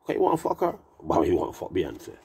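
A man's voice: low-pitched, wildly swooping pitch, rapid-fire, vocal fry, darkish tone, slightly rough. A man who has been drinking, rambling through a profane, meandering monologue full of wordplay. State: tipsy from drinking.

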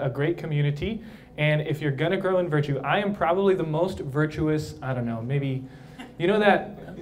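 A man's voice: a little high, darkish tone. A man, a priest, giving a casual, playful talk to a live crowd of young adults at a brewery, often checking in with the audience by asking "right?".

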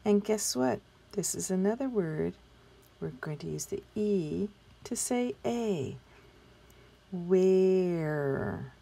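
A woman's voice: medium pitch, expressive, a little slow, vocal fry, dark tone, slightly rough. A woman teaching a spelling lesson to young children, patiently sounding out words and asking the class questions, sometimes dropping into a whisper. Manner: sometimes drops into whispers while writing.

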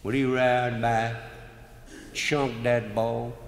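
A man's voice: medium pitch, flat delivery, drawn-out words. A man with a Cajun accent telling comic stories live in a folksy drawl. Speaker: humorous storyteller. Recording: roomy live hall recording, faint noise.

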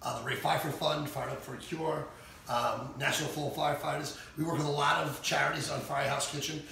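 A man's voice: fairly high pitch, steady tone, brisk, gravelly, bright, forceful tone, slight background noise. A man hosting a live cooking show, upbeat and jokey, chatting while he eats. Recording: echoey room from far off.

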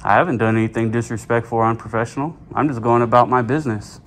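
A man's voice: mid-range voice, steady tone, fast, a bit bright. Guy arguing w office staff while filming, keeps asking how, faint hiss. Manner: argumentative, repeats questions. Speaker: citizen filming a public office. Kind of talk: confrontational auditor video.

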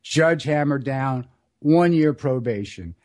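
A man in his sixties hosting a solo radio show, telling stories in a rambling, earnest way and slowing down for emphasis. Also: medium pitch, lively intonation, a little mellow. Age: 60s. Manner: rambling, earnest storytelling with dramatic slow emphasis. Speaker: radio host.

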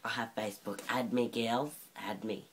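A man's voice: medium pitch, fairly even intonation, normal speed, slight background noise. An Australian man chatting on his sister's vlog, offhand and joking, often mumbling. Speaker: vlog guest, brother. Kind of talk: casual chat.

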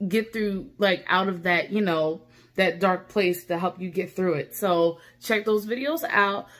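A young woman hosting a casual reaction vlog, chatty and heartfelt, with lots of fillers. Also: mid-range voice. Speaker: YouTube reaction host.

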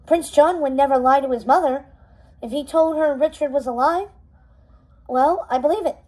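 A woman's voice: high-pitched, moderate pace, a little mellow, close to an everyday voice, low-quality recording. A woman doing a solemn chicken attendant. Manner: solemn, cautious. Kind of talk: storybook readaloud.

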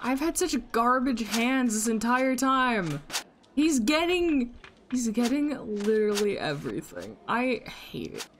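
A woman's voice: fairly high pitch, lively intonation, measured pace, hardly any pauses, a little hiss or hum. A woman streaming a video game, ranting in exasperation and swearing at her opponent while talking to her chat. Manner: talks to her chat audience. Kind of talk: casual live-stream commentary.

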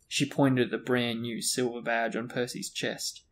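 A man reading a novel aloud in a relaxed way, now and then stopping after a slip. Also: mid-range voice, a little slow, few pauses. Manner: relaxed reading, stops for slips. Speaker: book reader and discussion host.

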